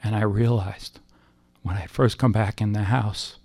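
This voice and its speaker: A man with a low, gravelly voice tells a personal story in the manner of a testimony. His delivery is halting and emotional, full of restarts as he works through what happened. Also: fairly even intonation, darkish tone, no room sound.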